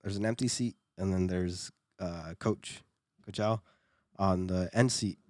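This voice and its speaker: Young man, lowish voice, casual podcast storytelling, laughs a lot, swears, dry close sound. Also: unhurried, a little mellow, dry recording. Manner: loose, laughing, profane, repeats words. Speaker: podcast co-host.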